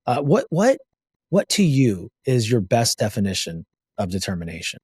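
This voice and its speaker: A middle-aged man hosting a podcast, enthusiastic and a bit rambling as he talks. His voice sits at an ordinary pitch for a man. The sound is dry and close to the mic. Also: huge pitch swings, moderate pace, darkish tone, breathy edge, no echo. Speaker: podcast host. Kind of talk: casual interview conversation.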